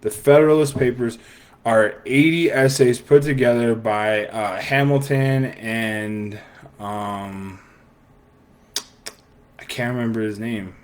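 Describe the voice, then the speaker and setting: On a live stream broadcast, a man hosts a casual podcast and delivers a sarcastic, opinionated monologue full of fillers and restarts. His voice is mid-range with a darkish tone.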